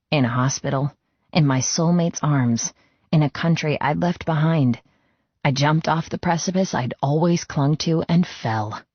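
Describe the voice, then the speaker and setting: Very deep, husky woman narrating. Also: no room sound. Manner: emotional, intimate reading. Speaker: audiobook narrator. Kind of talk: first-person romance audiobook narration. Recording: slightly dull, muffled sound.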